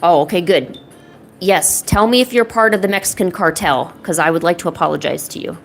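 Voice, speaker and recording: A young woman art streamer talks fairly fast in a gravelly voice, with a slight hiss or hum in the sound. Streaming casually from home, she chats and jokes with viewers, slipping into high baby talk whenever she addresses her cats.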